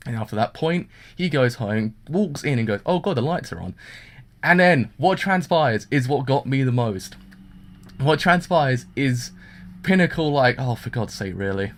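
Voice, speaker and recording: A man giving a casual, rambling anime review with constant fillers, acting out the characters' lines as he retells them. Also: mid-range voice. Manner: rambling, full of fillers, acts out quotes.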